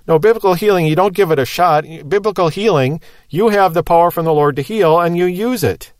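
A man preaches in an easy, conversational manner, explaining step by step and posing rhetorical questions. His voice sits a little high. The sound is dry and close. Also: expressive, moderate pace, dry recording. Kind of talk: sermon.

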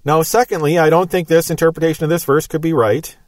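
A man teaches the Bible quickly and methodically, with emphatic delivery and a steady tone. His voice sits a little high for a man and sounds dry and close, with no room echo.

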